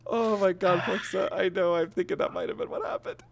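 A man streams live with a high, wildly swooping voice roughened by gravelly fry. He laughs a lot, swears freely and eagerly eggs his friend on in casual chat. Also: huge pitch swings, a little fast.

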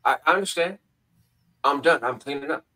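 A man telling a long story as a guest on a casual show, acting out other people's voices in a high pitch. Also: fairly quick, sharp tone, distant mic. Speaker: podcast guest. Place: home in Nevada.

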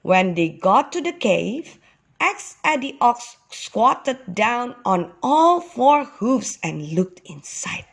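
A woman, a kindergarten teacher, reading a children's story aloud with slow, expressive storytelling. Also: on the high side, slightly rough.

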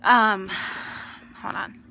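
A woman's voice: drawn-out words, sharp tone, a little hiss or hum. A young adult woman telling a personal story in a casual, rambling, emphatic way.

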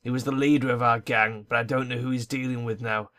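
A man's voice: mid-range voice, fairly even intonation, quick pace, a bit bright, natural voice. A man voicing a nervous runaway gang member from a video game, talking in an anxious, rambling way. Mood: worried. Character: nervous young male gang member in hiding.

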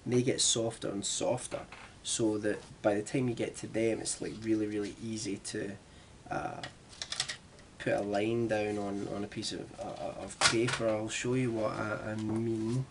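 Against a noisy background, a young vlogger from Glasgow talks casually to camera in a low-ish voice at normal speed, his tone level. His Glaswegian Scottish accent carries a rambling, self-deprecating chat.

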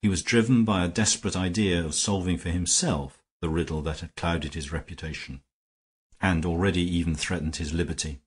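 A man giving a measured, steady audiobook narration. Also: sits low, breathy edge. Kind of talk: scripted narration.

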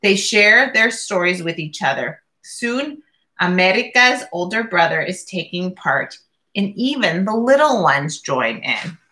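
A woman reads a picture book aloud at a slow, deliberate pace. Her voice is bright and clear, and she stops now and then to describe the pictures. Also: on the low side, animated. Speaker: reader.

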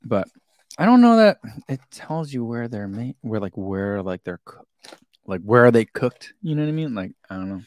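A man's voice: mid-range voice, sing-song, moderate pace, darkish tone, no echo, clean studio sound. A man chatting casually as he unboxes and tastes a snack, giggling now and then and talking between bites. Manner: chatty, giggly, talks while chewing. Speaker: vlogger reviewing a snack.

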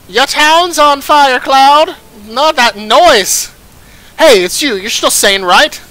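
A brave young soldier from a video game barking quick orders, as a man reads his lines. The voice sits high and loud with a bright, forceful edge. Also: heavily acted, rough recording. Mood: urgent. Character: urgent young male soldier, brave and bossy.

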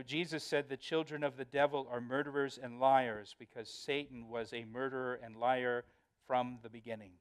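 A man's voice: mid-range voice, clean tone. A male pastor giving a verse-by-verse Bible study, earnest and emphatic, often repeating words as he explains.

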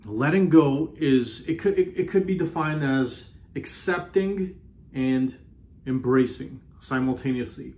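A man hosting a self-help video, talking earnestly in a casual motivational way, often repeating himself and slowing down on key phrases. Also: medium pitch, a little mellow. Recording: roomy echo.

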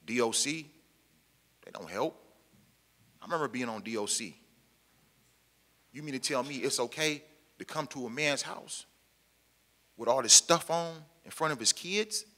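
A formerly incarcerated man from the Pacific Northwest gives an impassioned talk to an audience in a meeting hall, repeating key lines in plain, colloquial speech. His mid-range voice is animated and sharp, at a measured pace with long pauses, and the hall adds long reverb.

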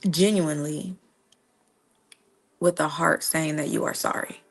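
A woman's voice: sits low, fairly even intonation, a little slow, husky. A young woman hosting a casual Christian morning livestream, speaking earnestly and conversationally to her viewers. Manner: earnest, conversational, repeats "right?" often. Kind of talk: casual devotional talk.

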